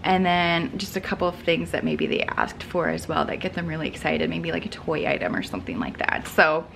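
A woman's voice: low voice, big pitch swings, fairly quick, gravelly, a bit bright, slight background noise. A woman in her thirties chatting casually to her camera in a vlog, rambling a little and laughing now and then. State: out of breath. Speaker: vlogger. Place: at home, then in a car and out in the cold.

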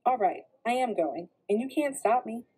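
A woman's voice: a little high, lively intonation, normal speed, breathy edge, pitched above the performer's own voice, low-quality recording. Peeta, read by a woman as a wry wounded young man. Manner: wry, soft-spoken.

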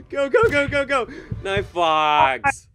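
High, wildly animated gamer guy. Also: creaky. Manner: excitable, yelling and pleading, then quiet muttering. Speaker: gaming video host. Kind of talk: excited gameplay commentary.

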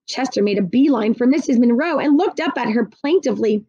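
Expressive woman reading a storybook. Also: on the high side, a little fast, hardly any pauses, no room sound, lo-fi sound. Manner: expressive, animated. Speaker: reader. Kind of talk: storybook read-aloud.

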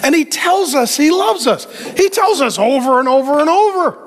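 A man preaching a sermon as a pastor, animated and joking, and acting out the voices he quotes. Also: very high-pitched, normal speed.

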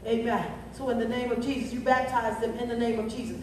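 High-voiced woman preaching in an echoing church. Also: flat delivery, fast talker, a little mellow, slight background noise. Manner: rhythmic preaching, a "huh?" after nearly every phrase; chanting, half-sung cadence when climaxing. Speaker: pastor. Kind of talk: sermon. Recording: echoey sanctuary, voice from a distance.

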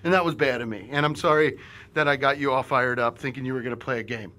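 A man's voice: medium pitch, quick pace, bright, forceful tone, slight background noise, close to an everyday voice. A man acting as an erratic robber who swings between threats and apologies in a comedy sketch. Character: erratic jittery male robber, menacing yet apologetic.

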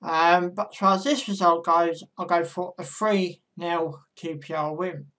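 A woman's voice: on the low side, steady tone, a little slow, fairly bright tone. A woman vlogger giving casual football predictions in a chatty monologue, talking straight to her viewers.

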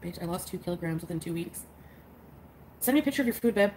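A woman's voice: fairly low pitch, animated, fast, darkish tone, slight background noise, low-quality recording. A woman chatting casually on a livestream, congested and drowsy from flu medicine, rambling with lots of fillers and small laughs. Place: bedroom.

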